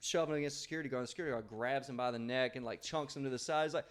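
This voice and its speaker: A man's voice: mid-range voice, rapid-fire, clear, resonant tone. A man co-hosting a podcast, telling a rambling, laugh-filled story in casual chat with plenty of swearing. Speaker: podcast co-host.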